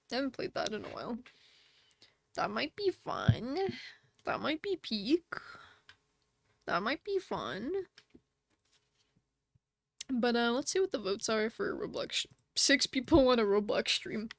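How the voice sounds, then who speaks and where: A woman streams live and chats casually with her viewers, laughing often as she reads their comments. Her voice sits fairly high and moves a lot in pitch. The sound is dry and close, with no room echo. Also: very animated, normal speed, creaky. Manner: chatty, laughs often, talks to chat.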